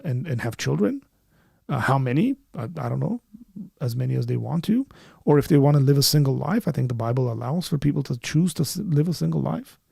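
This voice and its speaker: A man hosting a live call-in show, arguing and answering chat questions with quick restarts and repeated words. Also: medium pitch, gravelly, warm tone, breathy edge, dry recording, clean studio sound. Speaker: apologetics show host.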